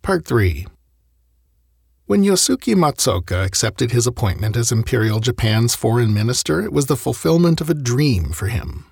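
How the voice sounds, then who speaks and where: Brief: male history narrator, raspy with some fry, close and dry, wry in tone. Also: medium pitch, sing-song, moderate pace, a little mellow, no echo. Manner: wry, conversational asides. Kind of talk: scripted narration.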